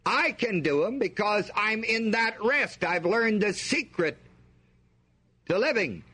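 A man's voice: high-pitched, animated, slow, pushed and bright, husky. A male preacher delivering an emphatic sermon, reading scripture aloud and drawing the congregation in with questions.

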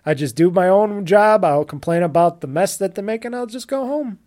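A man co-hosting a casual podcast, blunt and dismissive, with plenty of swearing. His voice sits a little high for a man. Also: animated, a little fast, a little mellow. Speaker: podcast co-host. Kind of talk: casual chat.

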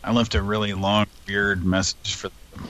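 A man with a fairly low voice hosting a live prank call show. He chats casually, joking around and poking fun at himself. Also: little pitch movement, normal speed, pushed and bright. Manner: joking, self-mocking. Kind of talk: casual chat.

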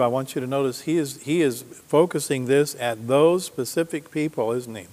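A male preacher with a mid-range, darkish voice talks at normal speed with hardly any pauses, his words carrying a long hall reverb in a church sanctuary. In this sermon he teaches the Bible verse by verse, reading scripture aloud with emphasis and quizzing the congregation with questions.

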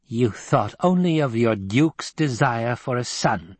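A man's voice: medium pitch, animated, takes it slowly, husky, no room sound. A man reading an audiobook, voicing a stern, snappish old woman who leads a scheming sisterhood. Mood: cold, scolding. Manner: snappish, sneering, demanding.

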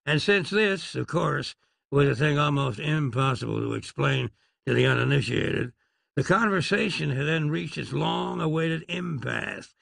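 Male audiobook reader, wry, gravelly, a touch high, dry booth sound. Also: lively intonation, unhurried, fairly bright tone, dry recording. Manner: wry, dryly amused storytelling. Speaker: audiobook narrator. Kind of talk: audiobook narration.

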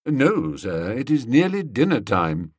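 A man voicing a calm, deferential valet who answers quietly and without fuss. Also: unhurried, breathy edge, dry recording, clean studio sound. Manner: quiet, low and unruffled.

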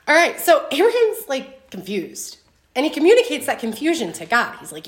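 A young woman leading a casual Bible lesson for a group, talking in a chatty way with lots of fillers and lively storytelling. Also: sits high, moderate pace. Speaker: Bible study teacher. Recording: roomy echo.

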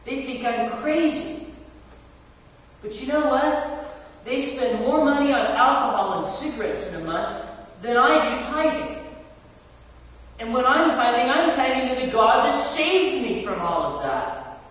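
High-voiced pastor preaching in echoey hall. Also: male voice, animated, unhurried, long pauses, a bit bright. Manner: casual slangy storytelling, rhetorical questions. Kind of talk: sermon. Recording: echoey hall from far off, faint noise.

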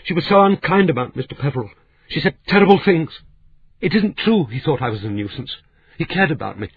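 A man voicing a frantic middle-aged woman who is crying and pleading in a high voice, as a narrator reading a novel aloud. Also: lively intonation, brisk, breathy edge. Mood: sobbing. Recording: tinny phone-like sound.

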